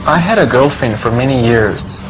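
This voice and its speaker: Very low-voiced woman over hiss. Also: expressive, moderate pace. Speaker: dialogue reader in an English lesson. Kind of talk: scripted lesson dialogue. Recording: hissy, noisy recording.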